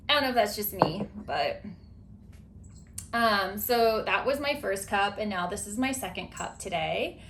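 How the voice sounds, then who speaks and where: A woman hosting a podcast in casual chat, chatty and animated with lots of filler words. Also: mid-range voice, a little hiss or hum. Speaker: podcast host.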